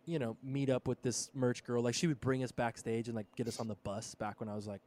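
A man in his thirties co-hosts a podcast, his voice sitting at an everyday middle pitch. He tells a road story in a relaxed, rambling way, dropping "dude" and "bro" as he goes. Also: quick pace. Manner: laid-back storyteller, lots of "dude" and "bro". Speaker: podcast co-host. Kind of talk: casual chat.

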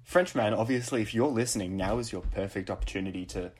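Low-voiced Australian teen guy. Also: fast talker, breathy edge. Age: late teens. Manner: playful, chatty, jokey. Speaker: podcast co-host. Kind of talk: casual chat.

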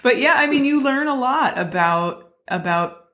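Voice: high voice, expressive, unhurried, fairly bright tone. Podcast host in chatty conversation. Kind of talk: casual conversation.

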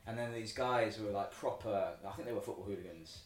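A man hosts a casual chat, rattling through a rambling story at a quick clip with plenty of fillers. He sits a little back from the mic in an echoey room. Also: fairly low pitch, recorded from a distance. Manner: rambling storyteller, acts out shouted quotes. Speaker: podcast host.

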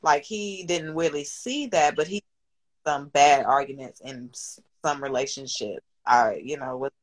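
A woman's voice: low-pitched, a little slow, poor audio. A woman in her thirties, a business owner and single mother, talking candidly and at length as a guest, swearing freely and getting emotional. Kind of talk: candid podcast conversation.

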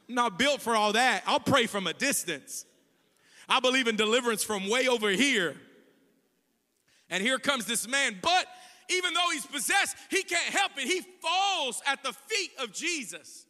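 A man preaching a sermon as pastor, telling the story with lively acted-out voices and building to shouted proclamations. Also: very high-pitched, normal speed. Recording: echoey hall.

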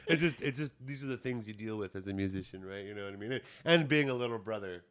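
A man's voice: on the low side, fast talker, fairly bright tone. A man who plays in a band, telling a casual story in a rambling, profane way, often checking in with "you know what I mean". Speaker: musician.

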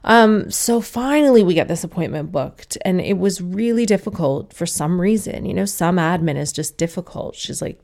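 Gravelly low-voiced woman telling a story. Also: expressive, normal speed, few pauses, darkish tone. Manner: candid and swearing, acting out quoted voices. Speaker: mother telling a personal story. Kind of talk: casual storytelling monologue.

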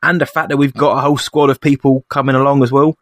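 A young man co-hosting a casual podcast chat, excitable and chatty, calling his friend "mate". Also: medium pitch, quick pace, no echo, studio quality. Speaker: podcast co-host.

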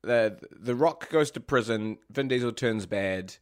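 A man co-hosting a casual movie podcast, sarcastic and quick to swear. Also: mid-range voice, smooth, dry recording, studio quality. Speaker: podcast co-host.

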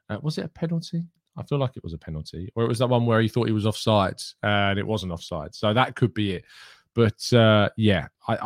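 A man's voice: on the low side, no room sound, studio quality. A man hosting a daily live football news show, chatty and opinionated as he reads out viewer questions. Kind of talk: live-streamed football chat.

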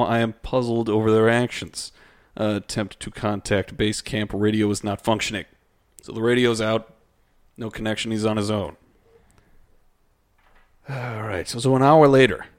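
A man co-hosting a podcast, reading a document aloud with halting fillers and wry asides. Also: fairly low pitch.

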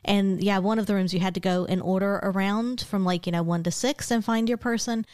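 A woman's voice: mid-range voice, fairly even intonation, fairly quick, darkish tone, clear, resonant tone, no room sound, clean studio sound. A woman co-hosting a podcast in casual chat, explaining things in an easygoing way. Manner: easygoing, explaining, laughs often. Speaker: podcast co-host.

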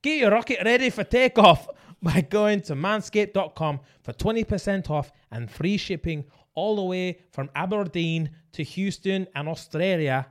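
A hammy ad announcer with a mock-Scottish accent, as a man puts one on, rolling through a sponsor read in a soft, playful tone. The voice sits a little above the usual male register. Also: fairly high pitch, natural voice. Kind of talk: comic ad read.

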